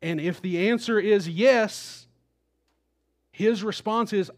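A man's voice: sits high, slow. A male pastor preaching a sermon, acting out the quoted voices with rising intensity.

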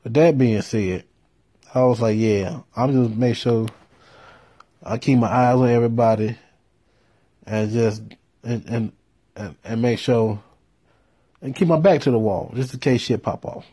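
A man telling a profane story in a laid-back way, with deadpan punchlines. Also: medium pitch, a little slow, pauses often, breathy edge. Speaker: storyteller host.

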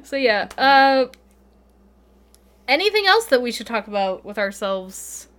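A playful woman in her thirties co-hosting a casual podcast. Her voice sits a little on the high side, and she laughs easily while stringing thoughts together with fillers. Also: very animated, measured pace, a bit bright. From Utah, USA. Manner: giggly, playful, talks with many "like" fillers. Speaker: podcast co-host. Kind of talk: casual chat.

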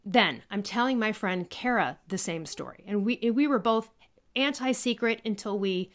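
Woman, podcast guest, casual storytelling, animated, acts out quotes, swears freely, mid-pitched voice. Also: normal speed.

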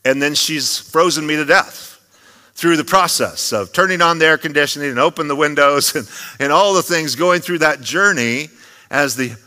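Bright-voiced male pastor in a reverberant church. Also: fairly high pitch, moderate pace. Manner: conversational, joking asides. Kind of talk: sermon. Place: church sanctuary. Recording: long reverb of a church hall.

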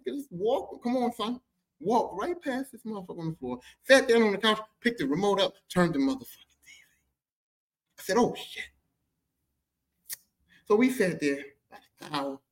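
A man telling a family story on his podcast, profane, slangy and animated. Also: high voice. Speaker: podcast host. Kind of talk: comic storytelling.

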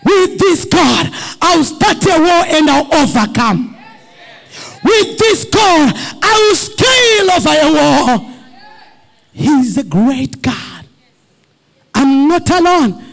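A male pastor preaching a sermon, rising to shouted, crying peaks and repeating short refrains, with his voice sometimes drifting away from the mic. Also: extremely high pitch, expressive, slow pace, vocal fry.

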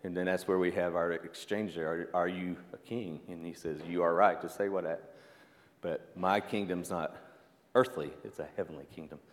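A man's voice: deep voice, fairly even intonation, normal speed, in a large hall. A man preaching a sermon as pastor, conversational, with asides, fillers and calls of "amen" to the congregation.

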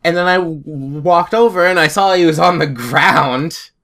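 A man's voice: a little high, a little slow, fairly bright tone. A man in a casual chat, telling rambling stories and chuckling often.

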